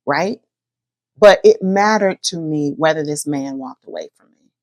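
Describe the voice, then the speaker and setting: A middle-aged woman, hosting a podcast and chatting about her own life in a lively, animated way. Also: low voice, measured pace, dry recording. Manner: lively, chatty, addresses listeners as y'all. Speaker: podcast host. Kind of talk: personal storytelling to listeners.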